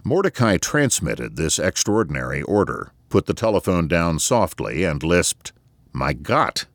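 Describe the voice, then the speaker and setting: A man narrating an audiobook in an expressive, measured storytelling manner, recorded on a close studio mic. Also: deep voice, no echo.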